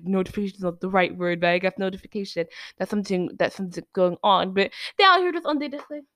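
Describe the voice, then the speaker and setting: A woman co-hosting a casual movie-review podcast, retelling scenes in an animated way with excited outbursts. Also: medium pitch, fast. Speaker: podcast co-host.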